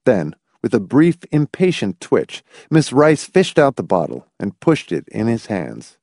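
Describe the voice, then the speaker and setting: A man narrating an audiobook with a measured, expressive reading. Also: mid-range voice, no echo, clean studio sound.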